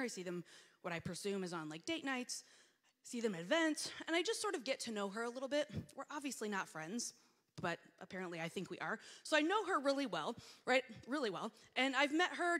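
A woman's voice: mid-range voice, fairly bright tone. A middle-aged woman giving a conversational sermon, telling self-deprecating stories and acting out her own reactions. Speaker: preacher. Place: church sanctuary. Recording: long hall reverb.

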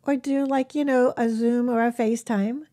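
Gentle female animal healer, somewhat high voice, warm and hushed, casual advice to camera. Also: steady tone, moderate pace. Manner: gentle, often drops to a soft whisper. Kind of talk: casual self-help talk to camera.

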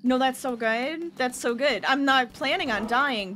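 A woman streaming a video game, chatting excitedly and reacting aloud to her viewers. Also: high-pitched, takes it slowly, a little hiss or hum. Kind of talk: casual gameplay commentary.

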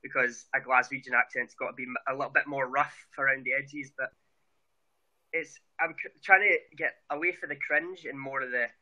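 A man's voice: mid-range voice, steady tone, brisk, pushed and bright, rough recording. A man with a Scottish accent chatting earnestly as an interview guest over a video call, often restarting his sentences. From Scotland. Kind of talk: casual interview chat.

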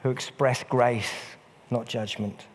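A man's voice: mid-range voice, steady tone, slow pace. Earnest male preacher, repeats stuff for emphasis, long reverb in a church hall. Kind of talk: sermon.

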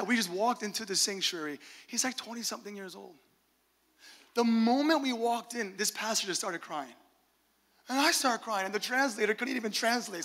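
Bright high-voiced male preacher. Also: big-room sound. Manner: animated storytelling with laughs and quoted asides. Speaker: pastor. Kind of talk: sermon. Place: church sanctuary.

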